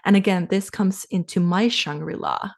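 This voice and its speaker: A woman from Finland in her thirties, a guest on a podcast interview, talking in a relaxed, reflective way and turning lively when she quotes herself. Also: mid-range voice, normal speed, creaky. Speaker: podcast guest, sales coach. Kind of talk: casual interview talk.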